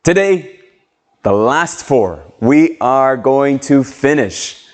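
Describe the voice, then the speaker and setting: Guy teaching english online, talks real slow and careful, spells out every sound. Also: mid-range voice, expressive. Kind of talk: slow, clear classroom video lesson.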